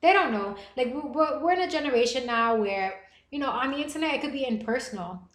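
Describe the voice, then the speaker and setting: Animated woman hosting a livestream. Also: high-pitched, fast talker. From United States. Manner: animated and playful, with gasps and bursts of laughter. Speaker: livestream podcast host. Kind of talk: casual livestream chat reading viewer comments. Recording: echoey room.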